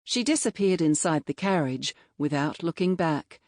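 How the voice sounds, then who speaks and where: A woman narrating a novel in the first person, in a measured, reflective storytelling manner. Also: deep voice, lively intonation, darkish tone, dry recording, studio quality. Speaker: audiobook narrator. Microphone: close studio mic.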